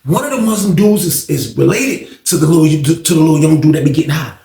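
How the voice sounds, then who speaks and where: A man with a high, gravelly voice tells a story in loose slang. He acts out each person he talks about, and his voice echoes around the room. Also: lively intonation, fast, dark tone. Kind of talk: casual storytelling.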